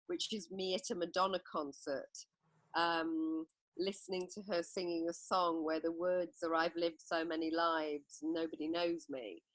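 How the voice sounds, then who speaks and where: A woman's voice: lowish voice, a bit bright, dry recording. A middle-aged woman from England, a book author, telling reflective anecdotes as a guest in a podcast interview.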